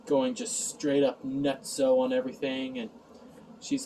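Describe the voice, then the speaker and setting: A man's voice: medium pitch, flat delivery, normal speed, dark tone, distant mic, a little hiss or hum, poor audio. A man recapping an episode in a casual review, sarcastic and exasperated, sighing and mocking the lines he quotes.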